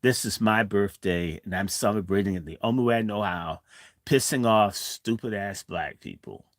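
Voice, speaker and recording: A man's voice: fairly low pitch, moderate pace, no echo, clean studio sound. A man in his sixties telling a childhood story in a blunt, provocative way, swinging from the tale into profane rants. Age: 60s. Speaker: host.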